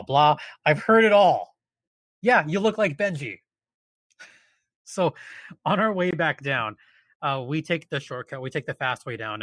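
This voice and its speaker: A man casually telling an animated, exasperated story as a podcast host. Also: on the high side, no echo.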